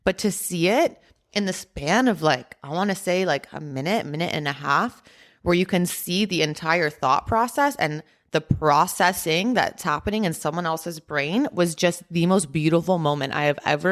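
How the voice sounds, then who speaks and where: A woman's voice: deep voice, moderate pace. A woman hosting a podcast, casually telling a personal story with lots of "like" and "um" fillers. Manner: chatty, heavy use of "like" and "um" fillers. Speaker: podcast host.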